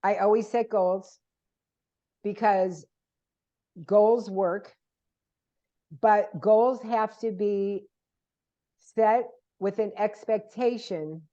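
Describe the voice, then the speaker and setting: A woman's voice: medium pitch, steady tone, extremely slow, long pauses, mellow. An older woman talking as a guest in a casual podcast chat, telling stories emphatically and acting out what other people said. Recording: dull lo-fi sound.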